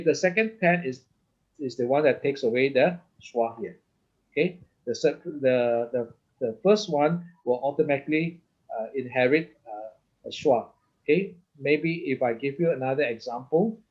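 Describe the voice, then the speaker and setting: A man's voice: mid-range voice, darkish tone. A man teaching a lesson. He explains step by step with many restarts and keeps checking in with "okay?" and "right?". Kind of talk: lesson explaining Hebrew vowel points. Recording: slightly dull lo-fi sound.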